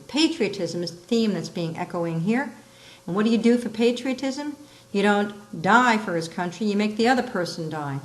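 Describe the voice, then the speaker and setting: A woman teaching rhetorical terms, explaining each one and acting out the examples with lively emphasis. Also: mid-range voice, poor audio. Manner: explains with examples, acts out quoted lines expressively. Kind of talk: recorded lesson on rhetorical terms.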